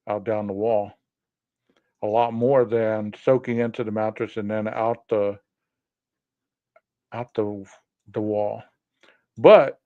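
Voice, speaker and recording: A man hosting a live podcast stream, thinking aloud slowly and reading viewer comments. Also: mid-range voice, darkish tone, clear, resonant tone, dry recording, dull audio. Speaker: podcast host. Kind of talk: live-stream chat over a floor plan.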